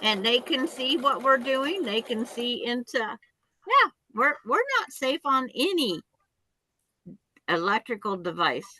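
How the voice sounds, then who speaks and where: A woman's voice: fairly high pitch, sing-song, slow, pushed and bright, no echo, rough recording. A woman chatting on a video call who argues her point insistently with many restarts. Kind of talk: casual chat.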